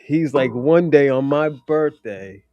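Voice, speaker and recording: A man's voice: medium pitch, expressive, takes it slowly, darkish tone, lo-fi sound. A young man rambling casually about his film, laughing often, stumbling over his words and swearing. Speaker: filmmaker talking about his movie.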